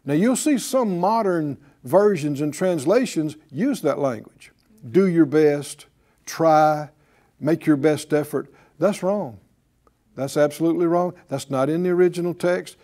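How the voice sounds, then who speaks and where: A man's voice: fairly high pitch, unhurried, warm tone. A man preaching a sermon as pastor, drawing responses from the congregation with rhetorical questions and repeated key phrases.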